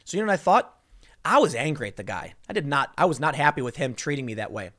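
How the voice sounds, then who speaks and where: Animated, emphatic man commenting. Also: on the high side, quick pace. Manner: animated, emphatic storytelling with restarts. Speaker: political commentary host. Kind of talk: casual commentary monologue.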